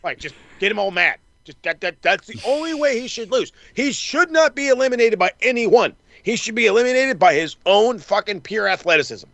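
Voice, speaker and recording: A man hosting a wrestling talk show in casual chat, animated and profane, acting out wrestlers' reactions. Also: high voice, brisk, hardly any pauses, no echo. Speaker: wrestling podcast host.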